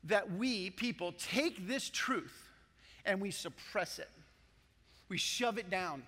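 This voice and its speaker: A man's voice: high voice, fairly bright tone, long reverb tail. A male pastor preaching a sermon, joking and calling on the congregation to join in. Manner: playful, joking, audience participation. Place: large church hall.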